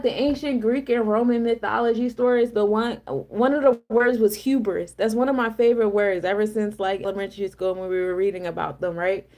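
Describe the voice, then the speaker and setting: Blunt, profane woman giving a tarot reading. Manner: blunt, profane and preachy, swinging between low calm and loud emphatic. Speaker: tarot reader and spiritual coach. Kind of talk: casual livestream tarot reading.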